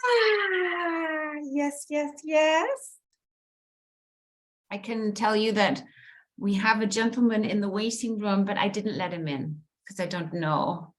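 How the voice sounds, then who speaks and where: A woman hosting an online women's circle over a video call, gentle and playful, guiding the group with encouragement. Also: medium pitch, fairly even intonation, moderate pace.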